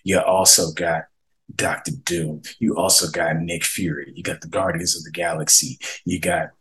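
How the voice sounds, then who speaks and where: Animated, slangy man hosting a gaming podcast. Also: sits low, moderate pace, rough recording. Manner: animated, laughing, slangy reactions to viewer comments. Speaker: podcast host. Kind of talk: casual gaming podcast chat.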